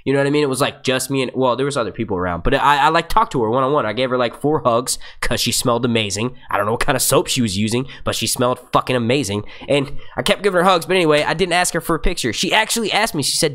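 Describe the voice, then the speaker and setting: A man's voice: mid-range voice, expressive, quick pace, hardly any pauses, fairly bright tone. A man hosting a casual live Q&A from his computer, rambling and restarting his sentences and swearing freely. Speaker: YouTube show host. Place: seated at a computer. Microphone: computer microphone.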